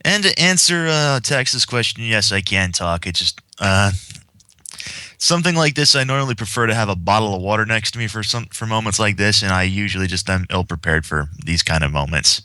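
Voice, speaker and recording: Male co-host, low voice with a bright edge, animated, dry close mic. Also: a little fast, clean tone, dry recording. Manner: animated, rambling with fillers. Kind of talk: casual chat.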